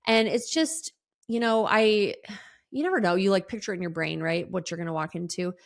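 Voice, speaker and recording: A woman's voice: mid-range voice, fairly quick, gravelly. A woman hosting a solo podcast, telling a personal story in a chatty way with many ums and restarts. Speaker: podcast host.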